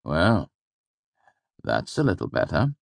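A man's voice: low-pitched, huge pitch swings, slow, creaky, no room sound, full character voice. A man doing a wry troupe father. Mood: dry. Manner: wry, gently teasing. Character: wry, easygoing middle-aged troupe father.

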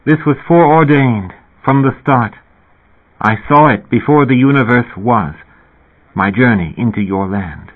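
A man voicing a calm, impassive, all-knowing boy with measured, solemn speech, through a tinny radio sound. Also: mid-range voice, slightly rough, voice pushed up.

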